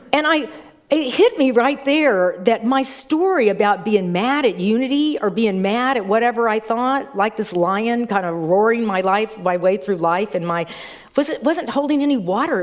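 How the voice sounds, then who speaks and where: A woman's voice: mid-range voice, a little mellow. A middle-aged woman minister giving a chatty sermon in a church, telling stories with playful voices. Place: church sanctuary.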